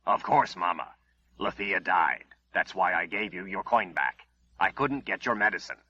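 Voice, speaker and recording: Casting: male narrator doing a low, husky, evasive liar of a son, dull lo-fi sound. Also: normal speed, pushed and bright, exaggerated voice. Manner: evasive, pleading, feigned innocence. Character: sly, scheming young man lying to his mother. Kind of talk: audiobook character voice.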